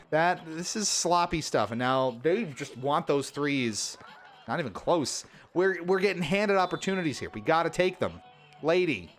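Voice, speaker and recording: A man's voice: a little high, moderate pace. Guy on a game stream getting fed up, voice jumping all over, light game music going behind him. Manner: exasperated, animated play-by-play with frustrated outbursts. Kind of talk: livestream gameplay commentary.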